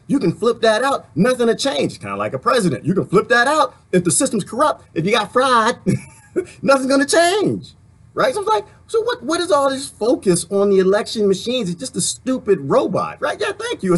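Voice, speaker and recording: A man talking in a casual, rambling monologue about politics, laughing often and getting worked up into animated rants. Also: sits high, breathy edge. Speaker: political commentator.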